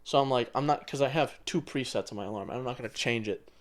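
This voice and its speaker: A man in his twenties co-hosts a casual podcast, rambling through stories with loose, offhand swearing. He talks fast, and his voice sits at an ordinary male pitch.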